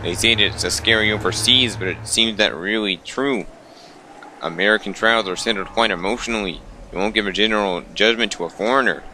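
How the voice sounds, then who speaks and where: A man's voice: fairly low pitch, brisk, sharp tone, slight background noise. A young man reading a visual novel aloud, stumbling over lines and breaking off for wry asides. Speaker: let's player.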